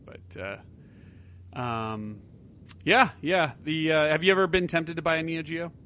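A man's voice: on the high side, slow pace, pushed and bright. A man co-hosting a casual gaming podcast, rambling through tangents and swearing now and then. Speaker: podcast co-host.

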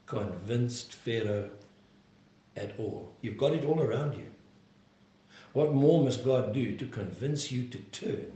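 A man pastor preaching a sermon and praying, earnest and emphatic, slowing down to plead. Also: mid-range voice, dark tone, reverberant. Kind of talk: sermon and closing prayer.

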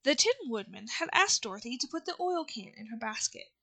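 A woman reading a children's novel aloud in a steady, unhurried way, with small slips now and then. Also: fairly high pitch. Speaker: reader.

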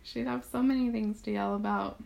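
A woman's voice: mid-range voice, steady tone, brisk, gravelly, darkish tone. Chatty woman recapping with a co-host. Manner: chatty recapping, frequent laughs. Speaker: podcast co-host. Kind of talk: casual chat.

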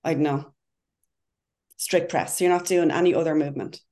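A woman speaks as a podcast guest in a low voice. She talks with eager, rambling passion, piling one thought on the next. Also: fairly even intonation, normal speed, mellow. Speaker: podcast guest and CrossFit coach. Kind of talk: casual podcast conversation.

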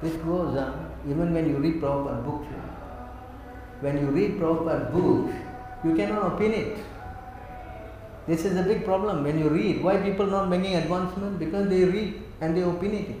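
A man teaches a scripture class. He speaks emphatically in a slightly higher voice and keeps quizzing his listeners. His voice carries a heavy echo from the room, with a faint hiss behind it. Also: moderate pace. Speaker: spiritual teacher. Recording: very echoey room.

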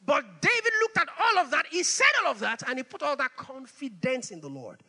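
A pastor delivers an animated sermon in a high, bright voice. He presses his points by repeating phrases again and again. Long reverb from the hall trails behind him. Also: brisk.

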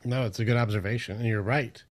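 Animated man telling a story. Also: medium pitch, quick pace. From Michigan, US. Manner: animated storyteller, acts out his own inner voice. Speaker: podcast guest, mindset coach. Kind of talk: casual interview chat.

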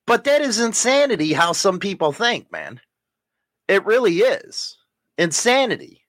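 A man co-hosts a casual podcast with his wife, ranting, teasing, and swearing a lot in their banter. His high voice is sing-song and a bit bright, his pace slightly slow, with no echo.

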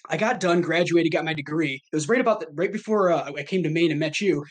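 A man's voice: a little high, fast talker, breathy edge. A man in his thirties from Michigan, chatting as a podcast guest in a rambling, self-deprecating way, laughing often. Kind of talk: casual chat.

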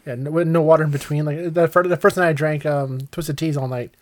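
A man's voice: a little high, fairly even intonation, fairly quick. A man co-hosting a podcast in casual chat, laid-back and laughing often, with many fillers. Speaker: podcast co-host.

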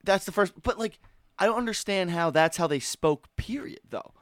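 A man's voice: high-pitched, animated, moderate pace, a bit bright, dry recording, clean studio sound. A young man co-hosting a podcast in casual chat, easygoing and often laughing as he retells stories. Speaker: podcast co-host.

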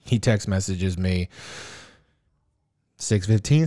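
A man's voice: low voice, unhurried, pauses often, mellow, slight background noise. A young man hosting a podcast, chatting casually, laughing often and swearing freely. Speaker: podcast host. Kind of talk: casual chat.

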